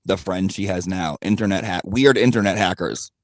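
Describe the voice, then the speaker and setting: A man's voice: low voice, normal speed, dry recording. Profane, gossipy man ranting. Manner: profane, blunt, gossipy, rambling. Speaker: channel host. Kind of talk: ranting gossip storytime monologue.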